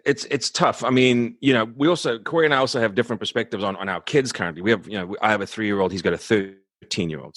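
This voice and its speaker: A man in his forties talking candidly in an interview, halting and subdued, with many restarts as he searches for words. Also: fairly low pitch, a bit bright, no room sound. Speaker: musician guest.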